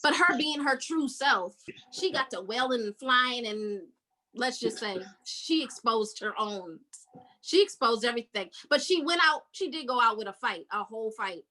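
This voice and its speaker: A woman's voice: on the high side, expressive, moderate pace, bright, forceful tone, poor audio. A woman podcast host recapping a book in casual chat, telling the story with energy and acting out the characters' lines.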